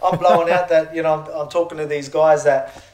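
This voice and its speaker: A man's voice: a little high, steady tone, fairly quick, darkish tone. An Australian man talking eagerly as an interview guest, often restarting his sentences. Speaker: fighter guest. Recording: echoey room.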